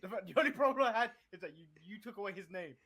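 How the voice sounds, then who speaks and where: A man's voice: high voice, expressive, fast, bright, forceful tone. A man hosting a casual wrestling podcast, teasing and laughing. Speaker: podcast host.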